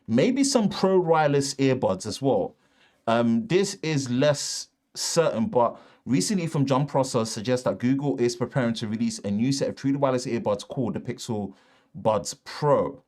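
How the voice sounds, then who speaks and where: With lively intonation and a darkish tone, a medium-pitched man with a Northern English accent hosts a live tech stream at a moderate pace. He loosely reads the news in a casual, rambling way, full of asides and restarts, recorded on a shotgun mic in a treated home studio.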